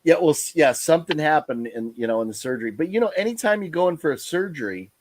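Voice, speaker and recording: A man's voice: on the high side, animated, fast talker, no room sound. A tired man hosting a casual live stream, talking in a rambling way with lots of fillers and restarts. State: tired, yawning.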